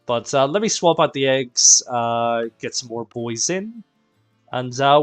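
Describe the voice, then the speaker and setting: A tired game streamer from Northern Ireland hosts a raid in a casual live-stream chat, chatty and self-deprecating as he greets viewers by name, though quieter than usual. His male voice is fairly high with lively intonation and a moderate pace, and he has a mixed Northern Irish accent. Faint music plays behind him.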